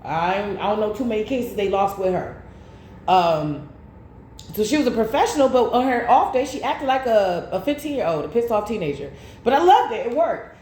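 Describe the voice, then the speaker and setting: A woman's voice: mid-range voice, darkish tone. A woman tarot reader speaks straight to her viewers in loose, slangy casual chat. She tells the story with lots of animation. The room is echoey, with a faint hiss underneath.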